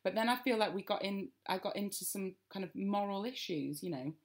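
A woman's voice: medium pitch, lively intonation, brisk. A young woman with a Northern English accent, co-hosting a chatty podcast and laughing often. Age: young adult. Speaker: podcast co-host. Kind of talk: casual chat.

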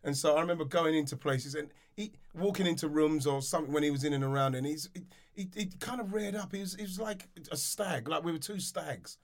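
A man co-hosting a podcast, telling animated anecdotes, repeating words and dropping low when quoting others. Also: fairly quick. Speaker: podcast co-host, former footballer. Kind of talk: casual storytelling chat.

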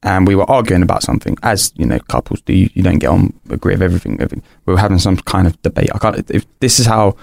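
Young man, raspy fry in a low voice, dry close sound, earnest rambling storytelling, podcast guest. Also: very fast, hardly any pauses, darkish tone, no room sound. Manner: earnest, rambling, frequent restarts and "like" fillers. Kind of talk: candid personal storytelling.

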